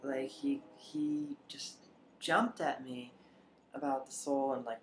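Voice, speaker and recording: A woman's voice: a bass voice, slow pace. A trans woman talking reflectively in a personal vlog, rambling at times and sometimes dropping to a near whisper. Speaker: vlogger. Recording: echoey room with faint background noise.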